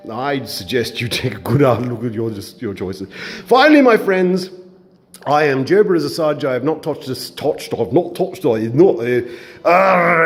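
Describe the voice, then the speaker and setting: A man hosting a home cooking show from his kitchen in a rambling comic monologue, bawdy and self-mocking, chuckling at his own jokes. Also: medium pitch.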